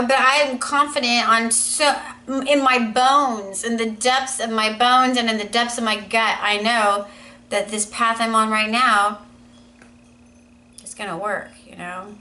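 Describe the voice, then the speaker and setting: Earnest, bright-voiced woman in her thirties. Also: on the high side, rough recording. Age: 30s. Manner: earnest, rambling, many "you know" fillers. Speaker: vlogger. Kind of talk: casual personal vlog monologue.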